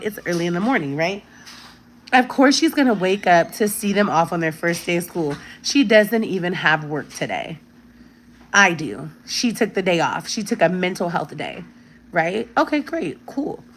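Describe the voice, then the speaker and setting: A woman's voice: mid-range voice, slight background noise. A woman in her thirties talking casually to her viewers, telling a personal story with emphatic repetition and frequent "right?" check-ins. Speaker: vlogger.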